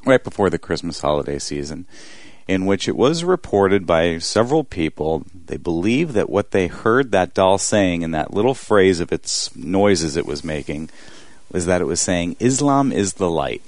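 A man on a podcast panel who talks in a lively way and laughs often. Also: sits low, moderate pace, no room sound, studio quality. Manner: lively, laughs between phrases. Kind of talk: casual panel chat.

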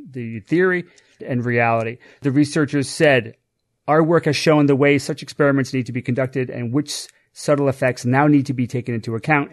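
Enthusiastic man explaining science. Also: mid-range voice. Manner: enthusiastic, restarts sentences, slangy. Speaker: podcast co-host. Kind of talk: casual science chat.

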